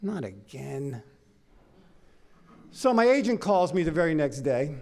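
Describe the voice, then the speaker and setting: A man from Los Angeles telling his life story at a recovery meeting, animated and profane. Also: on the high side, a little fast. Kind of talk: personal story talk.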